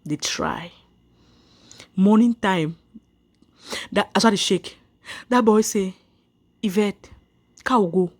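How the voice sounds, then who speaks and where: A woman's voice: medium pitch, slow pace, pauses often. A woman, telling viewers her own story earnestly, repeating herself and restarting lines. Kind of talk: personal story told to viewers.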